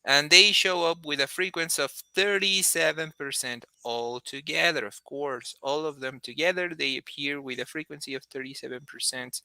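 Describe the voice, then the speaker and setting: Man, very bright crisp voice, casual lesson. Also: mid-range voice, dry recording. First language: Spanish. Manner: thinks aloud with frequent restarts and fillers. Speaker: Spanish teacher.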